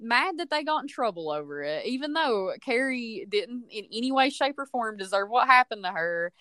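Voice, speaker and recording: A woman co-hosting a casual movie review podcast, opinionated and animated, often acting out quotes. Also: a little high, normal speed, no room sound, clean studio sound. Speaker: podcast co-host.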